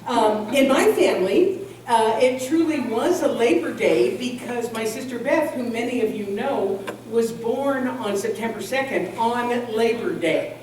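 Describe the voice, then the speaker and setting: A minister delivers a humorous sermon to a congregation in a large hall, telling jokes and stories in a lively way. Her voice sits on the high side and she speaks unhurriedly, while the echoey hall, distant mic, and crowd noise shape the recording.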